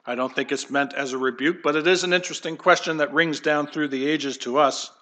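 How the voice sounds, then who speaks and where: A man's voice: fairly high pitch, fairly even intonation, brisk, sharp tone. A man preaching a conversational sermon to his congregation, with light humor and asides. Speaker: pastor.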